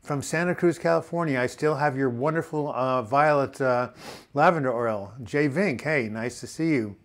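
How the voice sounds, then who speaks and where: A man's voice: mid-range voice, moderate pace. An older man with a New York accent hosts a casual live chat, reading viewer comments aloud and telling corny jokes. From New York City.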